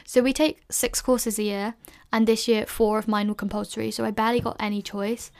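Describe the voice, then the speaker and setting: Her mid-range voice is creaky as she chats her way through a casual solo Q&A podcast she hosts. She's a young woman in her early twenties who rambles, leans heavily on "like," and lets out self-conscious laughs.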